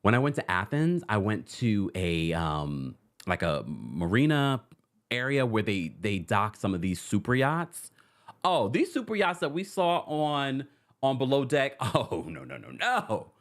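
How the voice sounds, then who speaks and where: A man hosts a loose, chatty recap of reality TV at a middle pitch. His voice rises and falls a lot as he laughs and mimics people from the show. The delivery stays casual and animated throughout. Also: a little slow. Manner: animated, laughs often, acts out quotes in put-on voices. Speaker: host.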